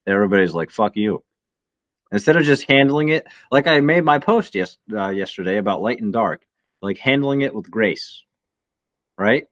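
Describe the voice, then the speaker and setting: A man's voice: on the low side, lively intonation, moderate pace, a bit bright, no room sound. Earnest American man, dull lo-fi sound. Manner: earnest, philosophizing. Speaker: podcast co-host. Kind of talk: casual chat.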